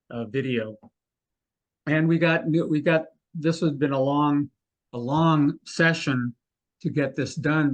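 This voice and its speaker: An older man, a mentalist guest in an interview, telling anecdotes with lively delivery and acting out what others said. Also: medium pitch, highs cut off. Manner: animated, acts out the people he quotes.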